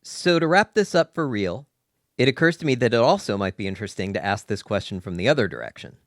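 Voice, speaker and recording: A man's voice: on the low side, expressive, fast talker, no echo, studio quality. An American man hosting a casual discussion, asking long, articulate questions. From United States. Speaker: host.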